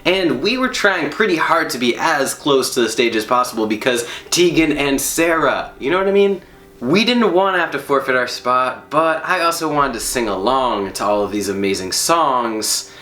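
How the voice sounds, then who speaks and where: A man telling a personal story to an audience in an animated, comic way, leaning on emphatic repetitions. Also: medium pitch, moderate pace. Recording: echoey room.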